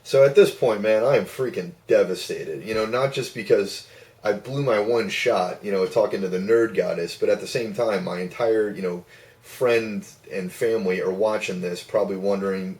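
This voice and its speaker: A man telling a personal story to camera in a casual, rambling way, swearing freely and getting animated. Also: low voice, a little fast, recorded from a distance.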